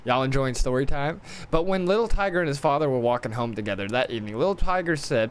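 Lively, profane man reading aloud on stream. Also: mid-range voice, quick pace, hardly any pauses, a little hiss or hum. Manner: profane, joking asides, stumbles and restarts. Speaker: gaming streamer. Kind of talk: live stream, reading an in-game book aloud.

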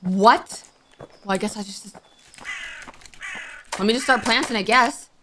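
A young woman giving let's-play commentary, jumpy and excitable, quick to panic and squeal at scares. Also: mid-range voice, a little hiss or hum. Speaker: gaming YouTuber.

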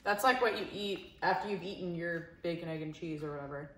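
A woman's voice: fairly low pitch, fairly quick, reverberant, a little hiss or hum. A woman chatting casually during a food taste test, laughing often and playfully dramatic. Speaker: co-host taste tester.

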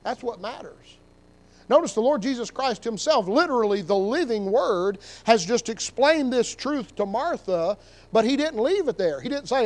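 A man preaching as pastor, reading scripture aloud and swinging between emphatic rises and quiet drops. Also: very high-pitched, animated, moderate pace. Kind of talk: sermon.

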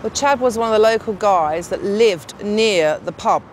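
Brief: woman in her fifties, reminiscing, halting and listing, faint street noise. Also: medium pitch. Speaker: interviewee.

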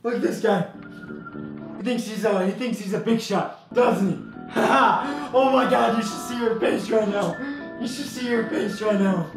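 A man playing through a VR game for laughs, brash and loud, trash-talking the characters. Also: high-pitched, unhurried, gravelly, heavy reverb, over music, rough recording. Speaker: gamer. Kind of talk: comedic VR let's play.

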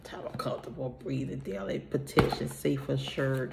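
A woman's voice: extremely low pitch, vocal fry, noisy background. A woman, casually chatting to her viewers while unboxing a package, a little out of breath. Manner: chatty, talks to herself, sighs, drawn-out greetings. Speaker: vlogger.

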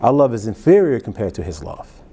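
A man with a fairly low voice and a dark, mellow tone teaches from scripture as a pastor. He reads verses at a deliberate pace and breaks off into easy, conversational explanations. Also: big pitch swings, gravelly, breathy edge. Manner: reads scripture slowly, then explains in plain, conversational asides. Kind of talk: Bible teaching sermon.

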